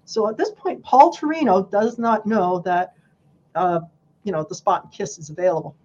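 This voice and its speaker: A woman guest on a casual podcast, telling a story with animated, acted-out quotes. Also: mid-range voice, moderate pace, lo-fi sound.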